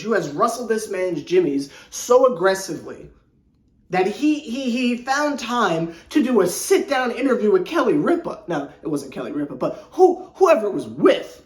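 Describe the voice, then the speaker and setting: Excitable rambling host in an echoey room. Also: mid-range voice. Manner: excitable, rambling, slangy, stumbles and repeats words. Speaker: basketball channel host. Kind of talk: casual sports commentary vlog.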